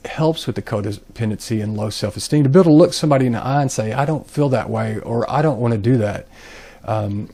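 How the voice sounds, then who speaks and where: Casting note: man, channel host, easygoing self-help monologue, halting and full of fillers. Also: medium pitch, a little mellow. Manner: rambling, many ums and restarts. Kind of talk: casual self-help talk to camera.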